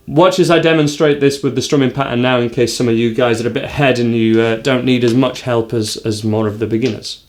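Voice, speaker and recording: Guitar teacher counting strums over music. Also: male voice, medium pitch, fairly even intonation, a little fast. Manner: counts and calls out strums aloud. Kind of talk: guitar lesson. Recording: guitar playing behind.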